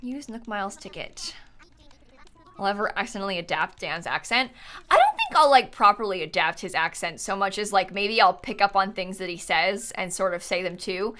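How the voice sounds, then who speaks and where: Lively, bright-voiced young woman streamer. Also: medium pitch, moderate pace. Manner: chatty and animated, laughs often, answers chat. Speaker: live streamer. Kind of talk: casual live-stream chat while gaming. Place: home setup, lives in Florida.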